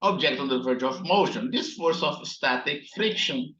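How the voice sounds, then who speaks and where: A man teaching a physics class, slowly explaining while working on slides and often checking in with "right?". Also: a little high, animated, bright, forceful tone. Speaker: physics instructor. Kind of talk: recorded classroom lecture. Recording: echoey, dull lo-fi room sound.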